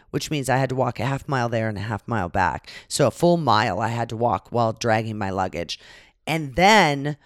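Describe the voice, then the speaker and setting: A woman's voice: a bass voice, fairly quick, no echo. Woman telling a story animatedly, dry mic. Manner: animated, dramatic retelling with frequent swearing. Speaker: podcast guest. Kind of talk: casual storytelling.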